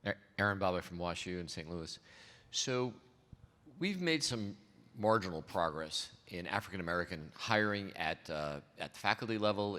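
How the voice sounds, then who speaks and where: A man in the audience asking a question, measured and thoughtful. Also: sits low, pushed and bright. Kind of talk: question from the floor. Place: conference hall. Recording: reverberant hall sound.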